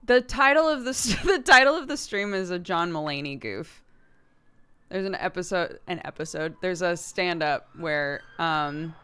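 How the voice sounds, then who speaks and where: A woman streamer chatting casually while gaming, telling quick anecdotes and laughing often. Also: fairly low pitch, pushed and bright, smooth.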